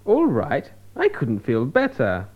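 An actor playing a cheerful man who croons a love song slowly, in a thin lo-fi recording. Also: mid-range voice, wildly swooping pitch, exaggerated voice. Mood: crooning. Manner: sings slowly and drawn-out. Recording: thin phone-like old tape recording.

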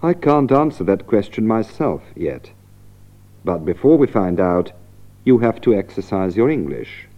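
Man, lesson narrator, clear and measured, low voice with lively pitch, slightly dull lo-fi recording. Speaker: narrator and presenter. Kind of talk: scripted narration for English learners.

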